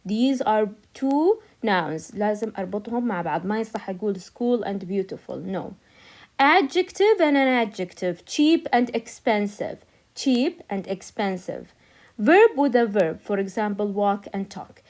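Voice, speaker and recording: A woman's voice: medium pitch, expressive, normal speed, a little mellow. A woman English teacher, an Arabic speaker, patiently explaining grammar and repeating each point in English and Arabic. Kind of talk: grammar lesson, switching between English and Arabic.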